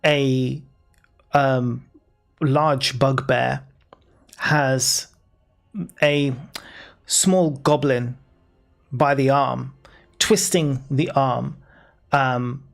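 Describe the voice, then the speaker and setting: Easygoing guy running a d&d game, lots of ums and laughs, mid pitch. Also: steady tone, drawn-out words, creaky, long pauses, soft background music. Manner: laid-back, laughing, lots of fillers. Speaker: dungeon master. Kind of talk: narrating a tabletop game. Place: home, live stream.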